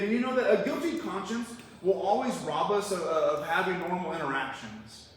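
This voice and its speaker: A man's voice: high-pitched, animated, moderate pace, few pauses, slight background noise. A man preaching a verse-by-verse sermon as pastor, talking conversationally and asking the congregation rhetorical questions. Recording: echoey hall, mic far off.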